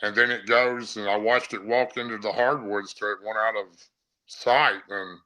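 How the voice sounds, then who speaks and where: A man's voice: fairly low pitch, steady tone, normal speed, bright, forceful tone, rough recording. A middle-aged man, a guest on a podcast, telling a vivid first-person story in a rambling, casual way.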